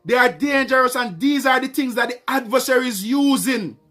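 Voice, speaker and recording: A man's voice: very high-pitched, moderate pace, a bit bright, soft background music. A man preaching a sermon with emphatic delivery, repeating key phrases and calling out to his congregation.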